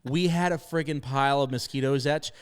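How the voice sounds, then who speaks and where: Animated storytelling man from Maine. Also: mid-range voice, brisk, clean tone. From northern Maine, USA. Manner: animated storyteller, acts out quotes. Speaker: podcast host. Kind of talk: casual storytelling chat.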